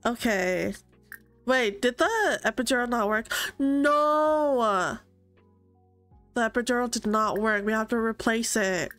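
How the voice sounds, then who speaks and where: A woman's voice: on the high side, moderate pace, a bit bright. A young woman live-streaming a life-sim game, chatting casually, reading chat aloud, gasping and laughing often. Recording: game music faint behind.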